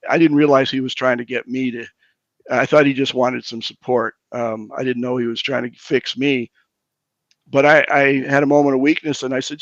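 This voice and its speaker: A man's voice: medium pitch, steady tone, no echo, highs cut off. A pastor in his sixties telling his own recovery story candidly, often stumbling and restarting his words. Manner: halting, repeats words as he restarts.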